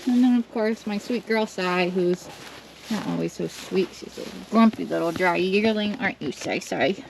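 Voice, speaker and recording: A woman's voice: mid-range voice, moderate pace, gravelly. A woman vlogging casually from her farm, cooing and baby-talking to her goats as she walks around. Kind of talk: casual farm vlog chat. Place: outdoors and in a barn with goats. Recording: noisy barnyard recording with goat bleats.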